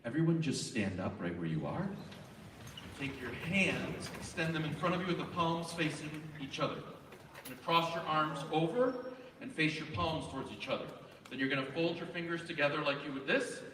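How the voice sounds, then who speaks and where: Guy hyping up a big auditorium crowd, high bright voice, echoey hall, sounds far from the mic. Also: moderate pace, background noise. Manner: energetic, animated, directs the crowd. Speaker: event presenter. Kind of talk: rallying a live student audience. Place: large auditorium.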